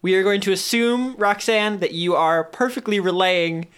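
A woman's voice: medium pitch, normal speed, clean tone. A woman acting as game master in a tabletop role-playing game, laughing and nudging her players along.

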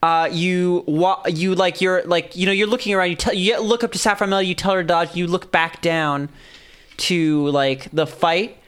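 A man's voice: high-pitched, steady tone, normal speed, fairly bright tone, clear, resonant tone. Rambling male game master narrating a fight. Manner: loose, rambling narration full of fillers.

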